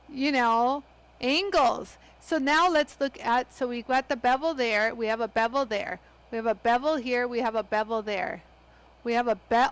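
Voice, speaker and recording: A woman with a high, lively voice hosts a live hands-on craft demo. She chats eagerly with her viewers and gushes as she goes. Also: moderate pace, poor audio. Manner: chatty, excitable, talks straight to viewers. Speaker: host of a live lapidary demo. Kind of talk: live product demonstration.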